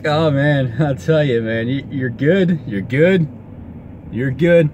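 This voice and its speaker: A man rambling excitedly to the camera, breaking off and restarting his sentences a lot. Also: mid-range voice, slow pace. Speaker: vlogger. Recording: outdoor street noise with passing cars.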